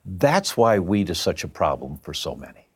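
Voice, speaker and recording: A man's voice: low voice, big pitch swings, normal speed, breathy edge. A man telling a personal story as a guest, emphatic and plain-spoken.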